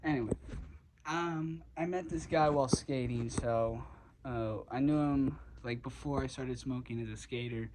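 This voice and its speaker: A man's voice: medium pitch, a little slow, noisy background. A young man casually telling a personal story, rambling with lots of fillers and swearing. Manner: rambling, filler-heavy, profane, gets heated. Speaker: vlogger.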